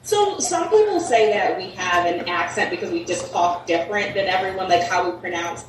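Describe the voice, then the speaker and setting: A woman's voice: lowish voice, lively intonation, normal speed, noisy background. A woman from Connecticut, a podcast guest, chatting casually and rambling, with a lot of "like" and "um". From Connecticut, USA. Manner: rambling, heavy use of "like" and "um". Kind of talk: casual chat. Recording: echoey room, mic at a distance.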